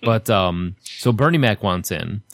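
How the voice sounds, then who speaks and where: Low-voiced guy rambling through a movie plot with buddies, dry sound. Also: expressive, measured pace, gravelly, fairly bright tone, no room sound. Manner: laughs often, recaps plot with fillers. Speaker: podcast co-host. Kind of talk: casual movie discussion.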